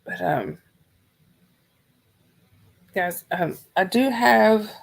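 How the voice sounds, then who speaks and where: Lady on a livestream, real gravelly fry, voice going hoarse, rambly and soft. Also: mid-range voice, animated, extremely slow. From Georgia, US. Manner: soft-spoken, rambling, talks to chat viewers by name. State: losing her voice, yawning. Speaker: livestream host. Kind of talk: casual livestream chat.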